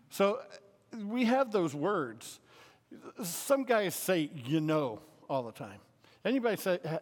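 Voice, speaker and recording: A middle-aged man preaching a casual, conversational sermon, talking animatedly and filling his speech with everyday fillers. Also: a little high. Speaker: pastor. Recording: long hall reverb.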